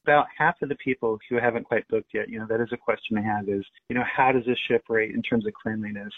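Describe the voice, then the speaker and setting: Husky man on a tinny phone line. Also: lowish voice, steady tone, fast, no room sound. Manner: conversational, with fillers. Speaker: cruise travel seller. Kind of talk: phone interview answers.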